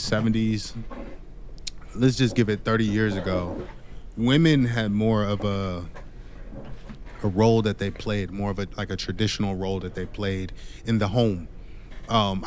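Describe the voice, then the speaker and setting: Deep-ish guy laying out his views slow and steady, bit of hiss in the background. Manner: measured, lecturing, some fillers. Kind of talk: scripted dating monologue.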